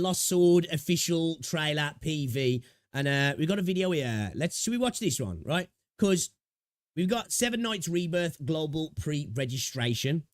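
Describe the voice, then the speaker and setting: A man's voice: on the high side, no echo, clean studio sound. A young British man hosting a gaming livestream, rambling and chatting with viewers, swearing freely. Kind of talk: casual livestream chat.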